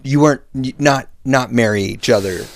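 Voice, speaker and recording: A man's voice: mid-range voice, normal speed. A man in casual chat, agreeing and adding short remarks. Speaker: podcast co-host.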